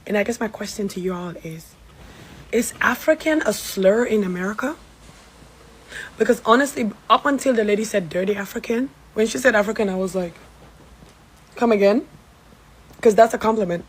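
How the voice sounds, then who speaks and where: A woman's voice: medium pitch, a little fast, husky, rough recording. Sassy woman from Gambia telling a story. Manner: animated, sassy, swears. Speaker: social media storyteller. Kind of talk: casual story time to camera.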